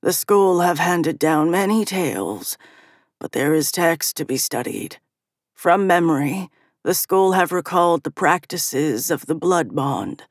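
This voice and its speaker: A woman's voice: low-pitched, no room sound, studio quality, exaggerated voice. Woman doing a shaky old wolf-man scholar. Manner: shaky, slow.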